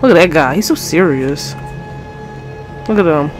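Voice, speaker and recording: A woman's voice: low voice, expressive, moderate pace. A young woman playing a horror game, commenting to her viewers, easily frustrated and swearing often, with faint music behind her. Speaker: gamer.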